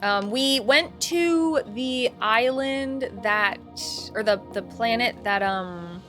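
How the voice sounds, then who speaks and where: A young woman streaming a game and chatting casually with viewers, loud and playful, swinging from yelling to soft asides. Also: a little high, expressive, slow pace, soft background music.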